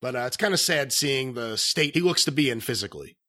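A man's voice: mid-range voice, expressive, fairly quick, pushed and bright, no room sound. A man co-hosting a wrestling review podcast, recapping matches in casual, enthusiastic chat.

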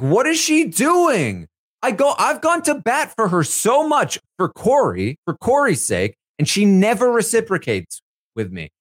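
A man's voice: very high-pitched, fairly bright tone, pitched above the performer's own voice, exaggerated voice. A man voicing an exasperated young woman who complains in a whiny, frustrated way. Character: exasperated young woman venting about an ally.

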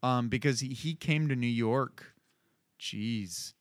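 A man's voice: medium pitch, slow, dry recording, clean studio sound. A man co-hosting a casual chat, throwing in jokey asides and wisecracks. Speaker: podcast co-host.

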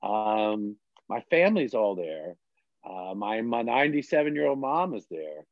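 A man's voice: fairly low pitch, big pitch swings, unhurried, no echo, highs cut off. A man in his fifties from Washington, D.C., a bishop telling his story in a chatty, self-deprecating way in an interview.

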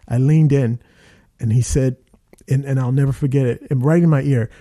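A man, an actor being interviewed, who tells rambling, animated stories with lots of fillers. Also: medium pitch, a little fast. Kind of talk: casual storytelling.

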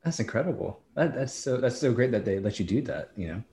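A man's voice: medium pitch, animated, fairly quick, mellow. A man co-hosting a podcast interview, asking friendly, encouraging questions. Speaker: podcast co-host. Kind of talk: casual interview chat.

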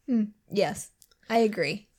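A woman's voice: medium pitch, slow, darkish tone. A woman co-hosting a casual book podcast, gushing and chatty with frequent laughs. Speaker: podcast co-host.

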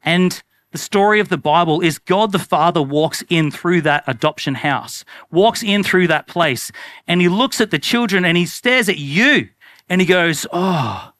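A man's voice: high-pitched, moderate pace, fairly bright tone, dry recording. A man preaching an earnest, conversational sermon as a pastor, repeating phrases for emphasis.

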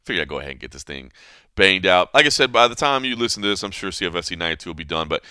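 A man hosting a podcast, telling a story in a casual, animated way, full of fillers like "man" and "you know", acting out the people he quotes. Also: deep voice, racing, clean tone, no room sound, studio quality. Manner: animated storyteller who acts out quoted voices. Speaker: podcast host.

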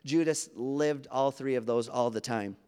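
A man's voice: medium pitch, measured pace, warm tone, clean tone. A man preaching an earnest, conversational sermon, acting out quoted dialogue as he goes. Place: church sanctuary. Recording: long hall reverb.

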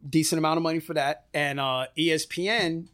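A middle-aged man, a retired boxer, telling stories in a casual, animated and profane way, acting out what others said. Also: a little high, a little fast. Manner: animated, profane, acts out quoted voices. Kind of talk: casual storytelling. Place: room above a shop.

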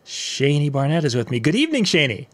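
A man hosting a casual interview show, chatty and animated, often correcting himself mid-sentence. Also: on the high side, quick pace. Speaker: show host.

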